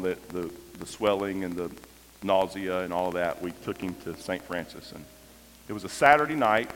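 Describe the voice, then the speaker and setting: Pastor preaching in a hall. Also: male voice, lowish voice. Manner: conversational, repeats and restarts, builds to impassioned. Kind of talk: storytelling sermon. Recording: reverberant hall, faint noise.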